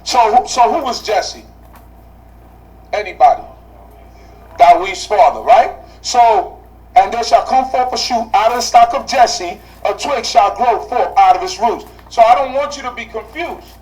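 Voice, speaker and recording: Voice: medium pitch, animated, measured pace, a little mellow, recorded from a distance, low-quality recording. A Bible study teacher speaking to a class, asking rhetorical questions and repeating key phrases for emphasis.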